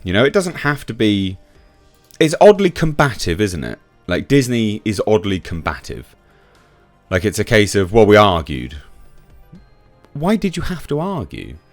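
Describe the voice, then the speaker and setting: A very deep-voiced man talks through his commentary in a casual, sarcastic way, and his lively delivery leaps from low mutters to sharp high bursts. The recording is dry and close, with faint music underneath. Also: normal speed, dry recording. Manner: sarcastic, chatty, swings from low mutter to sudden high emphasis. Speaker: YouTube commentator. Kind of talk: casual commentary reading quotes.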